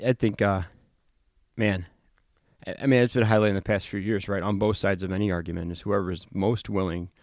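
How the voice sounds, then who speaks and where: Gravelly low-voiced male podcast host. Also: darkish tone, no room sound, clean studio sound. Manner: chatty storyteller with many fillers and restarts. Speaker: podcast host, firefighter and lieutenant. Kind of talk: casual podcast conversation.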